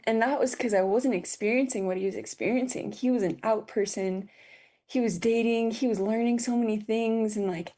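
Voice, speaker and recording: A woman in her twenties, a podcast guest, telling a personal story in a halting, emotional way with many fillers and restarts, near tears. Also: on the high side, mellow. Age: 20s.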